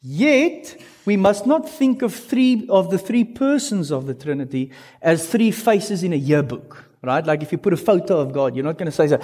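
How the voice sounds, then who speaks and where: A man preaching a sermon to a congregation, animated, stretching key words slowly and putting playful questions to his listeners. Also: sits high. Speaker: pastor.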